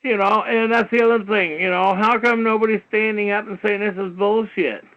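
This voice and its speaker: Over a dull, lo-fi internet radio feed, a high-voiced call-in show host speaks briskly with little pitch movement. He rambles through a heated lecture, repeating himself, leaning on "you know," and cursing now and then.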